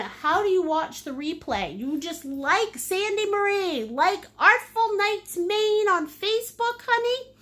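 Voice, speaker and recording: Playful high-voiced woman teaching painting. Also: a bit bright. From United States. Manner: chatty, playful, sing-song asides. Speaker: painting instructor. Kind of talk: live-streamed painting lesson.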